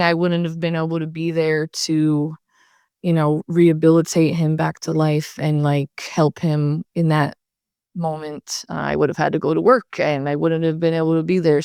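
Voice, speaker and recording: Chatty young woman with a lowish voice. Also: clear, resonant tone, no echo, studio quality. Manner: chatty, animated when recounting, laughs often. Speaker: podcast guest, model. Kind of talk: casual interview chat.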